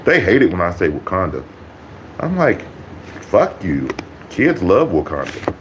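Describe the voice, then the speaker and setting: A man's voice: low voice, wildly swooping pitch, normal speed, noisy background. A man ranting to his YouTube viewers, blunt and mocking, swearing constantly. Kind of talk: profane ranting vlog.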